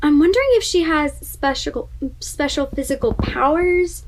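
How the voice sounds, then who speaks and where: A woman's voice: high-pitched, animated, normal speed, a little hiss or hum, low-quality recording. A woman vlogger reacting to a book in casual chat, gushing and exclaiming often, sometimes dropping into a whisper.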